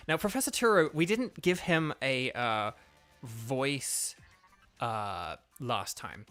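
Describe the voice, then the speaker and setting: A man's voice: mid-range voice, lively intonation, slow pace, a bit bright. A young British man chatting casually while livestreaming a video game, rambling with lots of fillers. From Britain. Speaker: game streamer and voice actor. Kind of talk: casual gaming livestream chat. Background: faint background music.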